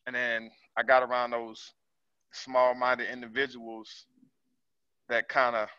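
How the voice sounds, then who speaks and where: Forceful man sharing haltingly on a call. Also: mid-range voice, completely flat delivery, clean tone, no echo. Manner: halting, many ums and restarts. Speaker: caller, small business owner. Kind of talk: casual sharing on a group call. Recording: dull lo-fi call audio.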